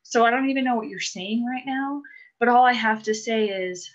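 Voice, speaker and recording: A woman's voice: on the high side, normal speed. Chatty woman guest coming through a dull video call line, rambly, laughs a lot. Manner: gushing, rambling, laughs often. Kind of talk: casual chat.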